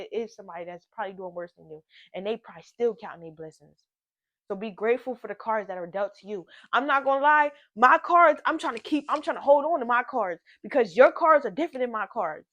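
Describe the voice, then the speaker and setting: Woman vlogger, higher register, dry close sound; casual, earnest, preachy motivational delivery. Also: fairly bright tone, dry recording, muffled recording. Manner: earnest, repetitive affirmations, casual slang. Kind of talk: motivational talk and music reaction vlog.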